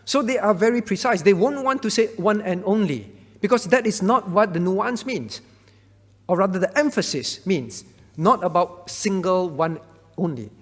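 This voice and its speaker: A man teaching a Bible question-and-answer session as pastor. His voice sits high for a man. He explains step by step, often checking that his listeners follow, and a long reverb from the hall trails after his words. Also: lively intonation, moderate pace.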